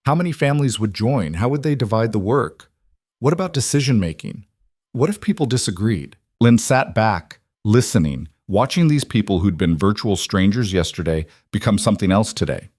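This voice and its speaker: A man narrating a western story in a steady, measured storytelling manner. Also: lowish voice, no room sound, studio quality. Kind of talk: scripted audiobook narration.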